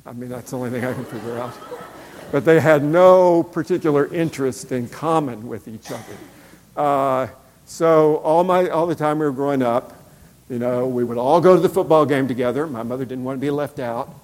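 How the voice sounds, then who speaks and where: A man's voice: mid-range voice, moderate pace, a little mellow. A middle-aged man telling a personal story in a casual, conversational way, with lots of fillers and short acted-out quotes. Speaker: speaker. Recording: long hall reverb.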